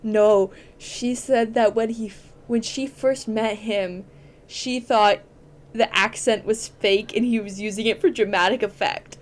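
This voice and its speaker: Chatty higher-voiced woman podcast host. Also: steady tone, measured pace. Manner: chatty, enthusiastic, explains at length with many fillers. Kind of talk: casual explainer chat.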